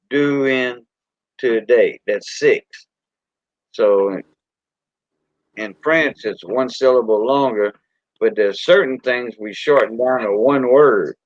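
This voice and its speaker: A Cajun-accented man from the Louisiana Gulf Coast hosts a casual, rambling live-stream chat in a folksy manner. His voice is lowish. The recording is dry, with dull lo-fi stream audio.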